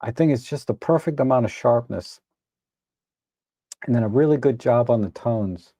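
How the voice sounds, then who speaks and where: A man hosts a live photo editing stream in a relaxed, meandering way. He often restarts his sentences and sounds a little tired. His voice is gravelly and mellow, and the recording is close and dry. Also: medium pitch, moderate pace, no echo. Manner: relaxed, rambling, self-correcting with frequent restarts; tired, admits yawning. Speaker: photo editing livestream host. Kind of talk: casual live commentary.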